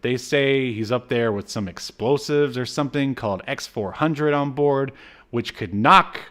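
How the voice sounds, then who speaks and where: A podcast co-host of ordinary pitch recaps an old cartoon's plot in casual chat, rambling loosely with lots of "uh" and "um" and slipping in dry, wry asides. He speaks a little slowly, with a bit of brightness.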